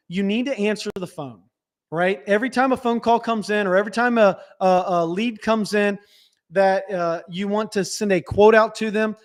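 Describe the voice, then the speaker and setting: A man coaching small business owners on a live stream, direct and instructive, often checking in with "right?". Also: high voice. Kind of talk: live webinar teaching.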